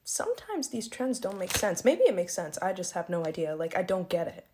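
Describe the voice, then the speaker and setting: A woman's voice: on the low side, sing-song, brisk, a little mellow. A woman talking casually to camera, sounding puzzled and exasperated. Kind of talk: casual vlog talk.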